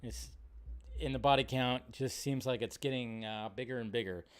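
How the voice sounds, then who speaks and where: A man's voice: mid-range voice, fairly even intonation, normal speed, clean tone. A man hosting a live movie news stream, ranting casually and with a lot of swearing, filling gaps with "you know" and "like.". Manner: ranting, profane, heavy on fillers like "you know". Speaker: movie news show host.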